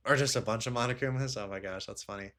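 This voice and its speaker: A man's voice: fairly low pitch, quick pace, pushed and bright. A young man giving amused, chatty commentary while playing a game. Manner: chatty, amused, laughing asides. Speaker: let's play gamer.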